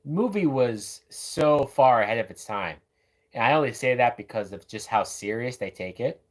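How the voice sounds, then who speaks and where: A man's voice: medium pitch, animated, moderate pace. A man giving casual, loose live commentary while watching a movie, often tossing in "man" and "like". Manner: loose, chatty, says "man" and "like" a lot.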